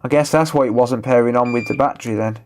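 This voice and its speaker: Man, Black Country accent, mid-pitched, easygoing joking live-stream repair chat. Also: fairly even intonation, fast talker, slight background noise. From England, West Midlands (Dudley). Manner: chatty and joking, answers viewers' chat. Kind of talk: casual live-stream commentary while repairing. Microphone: rechargeable wireless microphones.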